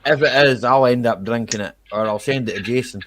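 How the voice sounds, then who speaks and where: A Scottish man chatting casually as the host of a livestream, his voice sitting at an ordinary middle pitch. He rambles along and keeps tagging his sentences with quick little questions. A faint hiss sits under his voice. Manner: chatty, rambling, peppers talk with "eh?" and "right?". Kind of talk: casual chat.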